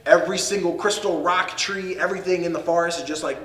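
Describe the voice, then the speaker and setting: Laughing podcast host, echoey and distant. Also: male voice, a little high, a little fast, few pauses, a bit bright. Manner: laughing, loose storytelling with quoted voices. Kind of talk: casual movie recap. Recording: echoey room, far from mic, faint noise.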